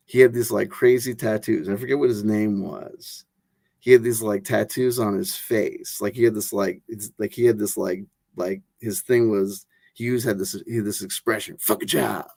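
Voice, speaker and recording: A man's voice: lowish voice, moderate pace, gravelly, darkish tone, no echo. A man hosting a tarot channel who talks in a loose, rambling monologue full of fillers and restarts.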